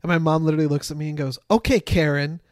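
A man's voice: a little high, flat delivery, rapid-fire, a little mellow, no echo, clean studio sound. A man co-hosting a casual podcast chat, easygoing and laughing often. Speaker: podcast co-host.

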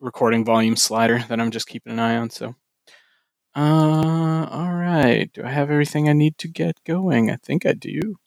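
A man hosting a podcast, relaxed, swearing casually and filling pauses with "uh". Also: fairly high pitch, gravelly, no room sound. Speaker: podcast host. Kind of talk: casual chat, show introduction.

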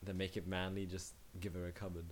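A man's voice: low-pitched, little pitch movement. A young man co-hosting a podcast in casual chat, teasing his friend dryly. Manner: slow, dry teasing. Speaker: podcast co-host.

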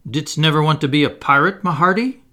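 A man voicing a pompous, cruel pirate captain in an audiobook, booming and gloating in a theatrical way. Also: fairly quick, pushed and bright. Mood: roaring, commanding. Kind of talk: audiobook character reading.

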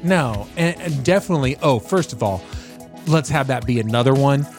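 A man co-hosting a podcast in casual chat, animated and playful, full of jokey asides. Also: medium pitch, moderate pace, soft background music. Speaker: podcast co-host.

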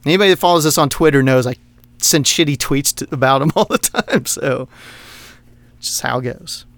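A man with a somewhat high voice rants about politics and drops swear words into almost every sentence, breaking into short laughs as he goes. He is recorded close and dry, with no room sound. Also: normal speed, fairly bright tone, no echo. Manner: heated, swears constantly, laughs between points. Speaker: podcast co-host. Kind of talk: profane political rant.

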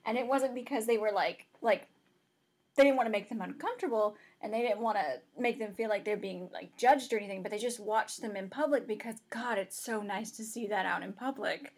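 Breathy woman guest, chatty, rambling, laughs easily. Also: medium pitch, fairly quick. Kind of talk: casual chat.

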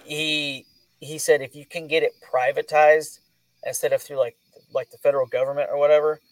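A man's voice: a little high, flat delivery, brisk, no echo, recorded from a distance, low-quality recording. Loose-talking male podcast host. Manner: loose, filler-heavy talk. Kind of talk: casual podcast conversation.

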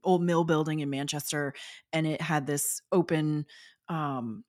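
Low-pitched and darkish, this woman speaks unhurriedly with a steady tone. In her forties, she's a guest in a casual storytelling interview, recounting personal stories chattily with many fillers and plenty of laughter.

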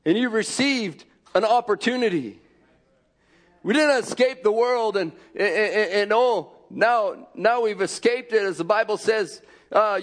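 A man preaching a fervent sermon, repeating phrases and rising to shouts. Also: high-pitched, unhurried.

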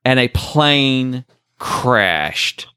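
A man co-hosting a podcast, telling a story in an animated, laughing way, chatting casually with callers. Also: mid-range voice, drawn-out words, smooth, no echo, clean studio sound. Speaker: podcast co-host.

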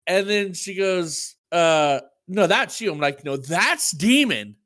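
A man co-hosting a casual podcast chat, joking and telling stories in an animated way. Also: high voice, slow pace. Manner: animated, jokey storyteller. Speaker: podcast co-host.

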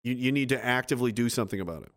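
A man in the middle of a casual livestream, talking at a medium pitch. He rants bluntly and swears freely, and he sounds exasperated as he reads out and answers viewer comments. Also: very fast, a bit bright. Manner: blunt, profane, exasperated ranting.

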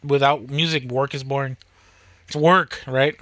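A man's voice: mid-range voice, fairly even intonation, a little slow, a bit bright, no room sound. A young man chatting casually on a podcast, rambling, swearing often and laughing a lot. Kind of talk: casual chat.

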